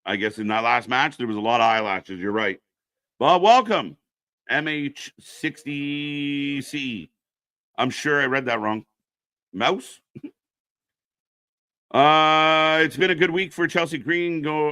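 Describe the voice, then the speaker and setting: A man hosts a casual live stream, calling wrestling action and answering viewers from chat. His voice is bright and forward, recorded close and dry at a desk microphone with no room sound. His delivery is chatty and reactive. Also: on the high side, clean tone, dry recording. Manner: chatty, reads chat names aloud, reacts to the match. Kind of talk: casual live alternative commentary.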